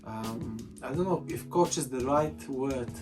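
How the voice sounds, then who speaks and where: A man's voice: medium pitch, unhurried. A man chatting casually as a vlogger about being a partner, joking and repeating his words. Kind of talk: casual chat. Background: soft guitar music.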